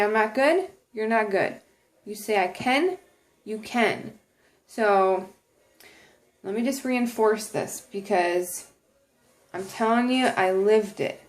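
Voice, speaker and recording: A woman talking earnestly to camera in a casual inspirational vlog, with many ums and restarted sentences. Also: mid-range voice. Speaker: vlogger.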